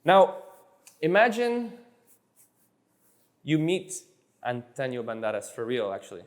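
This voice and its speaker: A man's voice: mid-range voice, very animated, unhurried. A man teaching Spanish to a live class in a playful, joking way, drilling words over and over and stumbling on restarts.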